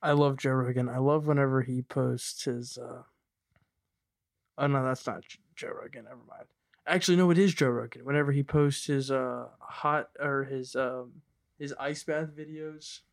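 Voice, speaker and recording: A man's voice: medium pitch, fairly even intonation, normal speed, vocal fry, dry recording, studio quality. A young man co-hosting a podcast, laid-back and agreeable in casual chat. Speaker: podcast co-host.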